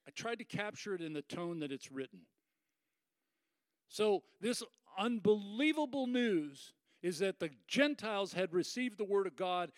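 A middle-aged man preaching a sermon, animated and conversational, acting out quoted people with sudden leaps up in pitch. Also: no room sound, clean studio sound. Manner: animated, acts out quoted voices with sudden high pitch jumps. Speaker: pastor.

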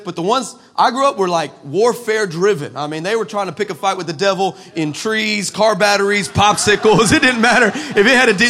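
A male preacher from West Texas tells a funny story to his church, sarcastic and full of stammered restarts. His voice sits high for a man and rings bright and forceful. He speaks in a lively, animated way. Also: a little hiss or hum. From El Paso, West Texas, USA. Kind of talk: comic storytelling sermon.

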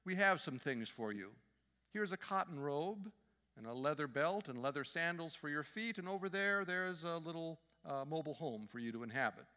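Saint Peter as a man puts him on, bright and welcoming. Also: fairly high pitch, expressive, normal speed, in a large hall, voice pushed up. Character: Saint Peter, calm male gatekeeper of heaven.

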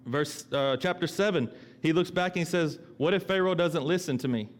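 A man's voice: fairly high pitch, normal speed. Conversational man preaching a sermon. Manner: conversational, repeats himself, acts out quoted voices. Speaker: pastor.

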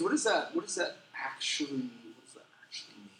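A middle-aged man preaching a sermon as a pastor, telling stories with animated, self-deprecating humor. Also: mid-range voice, fairly quick, a little hiss or hum. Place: church sanctuary. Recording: echoey church hall.

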